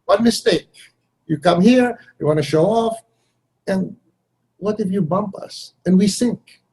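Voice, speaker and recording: A man from the Philippines answers interview questions bluntly and wryly, now and then acting out what others said. His voice is husky and mellow, a little high for a man. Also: a little slow, low-quality recording. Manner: blunt, wry, acts out others' lines with shifts in voice. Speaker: foreign minister, guest.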